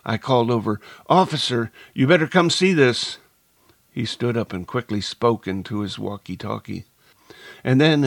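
Low-voiced male audiobook narrator. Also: no echo. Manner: measured, deliberate storytelling. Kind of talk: scripted first-person narration.

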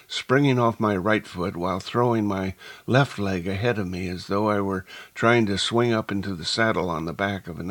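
A man narrating a first-person story in a measured, deliberate way. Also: fairly low pitch, a bit bright, no echo. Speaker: audiobook narrator.

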